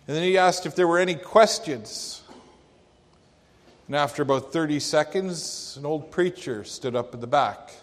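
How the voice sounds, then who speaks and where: A man pastor delivering a sermon in a church, telling a story with dramatic pauses. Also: fairly high pitch. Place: church sanctuary. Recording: long church reverb.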